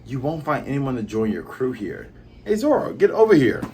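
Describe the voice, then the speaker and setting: A man's voice: mid-range voice, animated, moderate pace, darkish tone, a little hiss or hum, natural voice. A man reading as a bossy young pirate woman.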